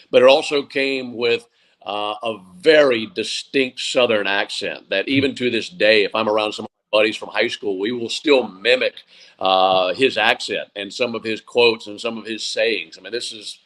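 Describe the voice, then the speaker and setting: A man's voice: on the low side, a bit bright, low-quality recording. A man in his forties, a sports broadcaster, giving thoughtful interview answers with frequent fillers and restarts. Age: 40s.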